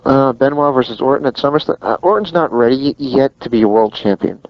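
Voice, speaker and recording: A man's voice: medium pitch, expressive, a little fast, no echo. Casting: emphatic, opinionated man in casual chat, muffled lo-fi audio with no room sound. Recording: dull lo-fi sound, dry.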